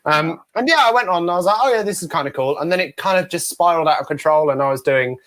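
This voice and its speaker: A man's voice: fairly high pitch, quick pace, a bit bright. A young English man, a ventriloquist guest, telling stories in a chatty, self-deprecating way. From England. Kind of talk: casual interview chat.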